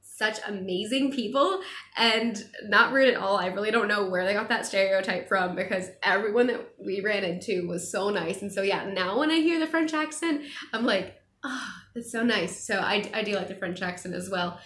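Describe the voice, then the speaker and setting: A young woman, a travel vlogger, chatting casually and animatedly while answering viewer questions on a live stream. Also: mid-range voice. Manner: chatty, animated, quick laughs. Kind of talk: casual chat. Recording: echoey room.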